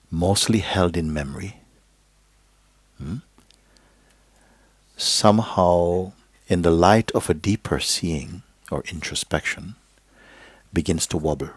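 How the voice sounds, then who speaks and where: Deep, husky-voiced male spiritual teacher. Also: dry recording. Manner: slow, gentle, drifting into a soft whisper at times; checks in with listeners with "okay?" and "you see?". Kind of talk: live spiritual teaching to an audience. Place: live gathering hall.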